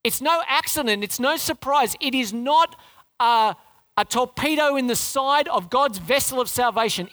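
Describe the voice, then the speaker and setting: A woman's voice: high-pitched, expressive, normal speed, a bit bright. Woman, sermon, earnest, conversational, rhetorical questions, repeated phrases. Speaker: preacher.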